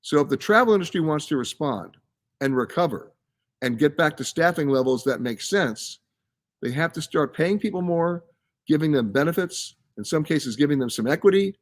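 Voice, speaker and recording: A man hosting a live travel broadcast, chatting casually and stressing his points with emphasis. His voice sits somewhat high for a man. He reads viewers' comments aloud and answers each one off the cuff. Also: animated, moderate pace. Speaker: travel show host answering viewer questions. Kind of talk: casual live-stream chat. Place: live from a science center.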